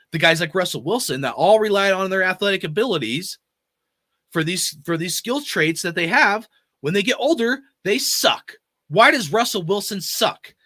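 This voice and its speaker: A man's voice: high-pitched, bright, forceful tone, dry recording, studio quality. A man hosting a fan channel, ranting about football and reading out chat comments in a blunt, cussing, rambling way. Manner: profane, emphatic, rambling.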